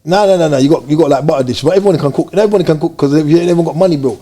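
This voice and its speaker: A man from Jamaica, telling his story as an interview guest in fast, animated street slang. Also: on the high side.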